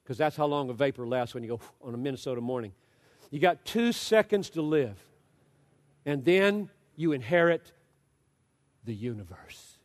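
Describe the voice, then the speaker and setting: A man preaching a sermon with passion, moving between loud exhortation and low, hushed storytelling. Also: big-room sound.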